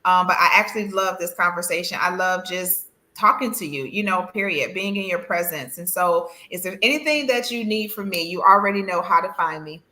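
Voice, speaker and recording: Bright-voiced New York woman host. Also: on the low side, a little fast, few pauses. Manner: effusive and encouraging. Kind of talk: livestream interview.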